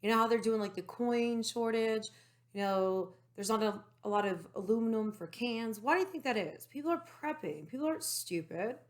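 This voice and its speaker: A woman talking to camera from her room at home, excited and rambling, with lots of fillers and side remarks. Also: a little high, moderate pace. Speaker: political vlogger. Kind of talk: casual monologue to camera.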